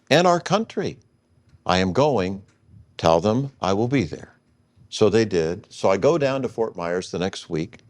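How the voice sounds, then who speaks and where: A man in his sixties shares a personal story as an interview guest. His voice sits low, and he tells it at an easy pace. He acts out the lines he quotes from others. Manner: relaxed anecdotal storytelling with quoted dialogue.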